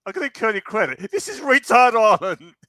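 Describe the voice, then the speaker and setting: Very high bright-voiced laughing stream host. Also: male voice, very animated, fairly quick. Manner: amused, laughing, mocking. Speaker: livestream host. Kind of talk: casual profane stream banter.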